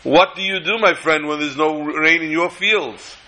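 A man voicing a patient, kindly older rabbi who speaks in a gentle, reassuring way. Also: fairly high pitch, moderate pace, rough recording.

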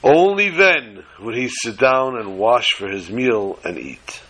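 A man telling a religious story to listeners in a measured, dramatic way. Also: medium pitch, animated, a bit bright, poor audio.

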